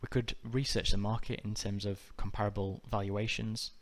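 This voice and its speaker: Low, flat-voiced man narrating a lesson. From United Kingdom. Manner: measured, even, methodical delivery. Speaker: exam tutor. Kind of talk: scripted instructional narration.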